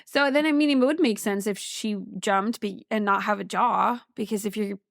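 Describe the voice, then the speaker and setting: A woman's voice: mid-range voice, moderate pace, creaky, no room sound, studio quality. A woman co-hosting a true-crime podcast, blunt and casual, cursing in short reactions. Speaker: podcast co-host.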